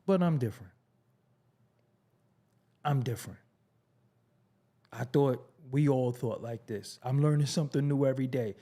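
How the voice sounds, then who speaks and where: A man hosting his own show, talking bluntly in a casual commentary monologue. He swings from low mutters to high, incredulous outbursts. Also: a little slow, pauses often, warm tone. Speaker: show host.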